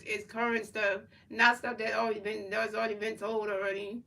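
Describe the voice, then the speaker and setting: A woman's voice: mid-range voice, little pitch movement, a little fast, vocal fry, fairly bright tone, distant mic, rough recording. A woman streamer in casual chat, rambling and repeating herself as she answers her chat. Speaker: livestreamer.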